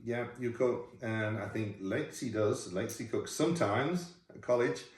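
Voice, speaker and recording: A man's voice: lowish voice, unhurried. A middle-aged man, a former royal chef, chatting through viewer questions in a laughing, self-deprecating way. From United Kingdom. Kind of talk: casual Q&A chat. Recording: roomy sound from a distant mic.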